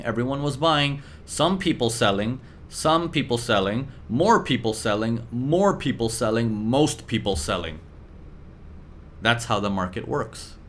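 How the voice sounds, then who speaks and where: A man teaching traders in a live class, talking lively and acting out the voices of buyers and sellers. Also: medium pitch, a little hiss or hum. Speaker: trading mentor.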